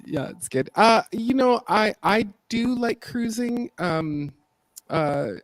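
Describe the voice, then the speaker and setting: Animated woman chatting on a livestream. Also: mid-range voice, slow pace, no echo. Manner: chatty, laughs often, animated retelling. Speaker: gardening livestream host. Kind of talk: casual live chat. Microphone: desk mic for livestream.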